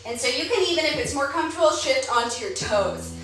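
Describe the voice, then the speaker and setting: A woman's voice: sits high, animated, a bit bright. Breathless woman coaching a yoga class. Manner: brisk coaching cues and countdowns. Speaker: fitness instructor. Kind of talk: live-streamed yoga class instruction. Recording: echoey room, far from the mic, music behind. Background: workout music.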